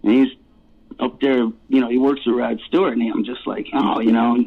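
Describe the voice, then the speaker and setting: A man talks over a thin, phone-like line at an ordinary middle pitch. He is a rock vocalist swapping loose, rambling road stories in a relaxed interview, laughing often and swearing freely as he goes. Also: normal speed, vocal fry, breathy edge. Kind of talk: casual storytelling interview.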